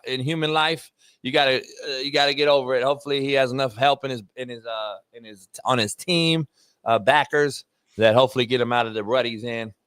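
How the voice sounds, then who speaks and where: A middle-aged man hosting a casual sports talk show, rambling loosely and swearing freely. His voice is bright and forceful, recorded dry and close. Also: mid-range voice, smooth, no room sound.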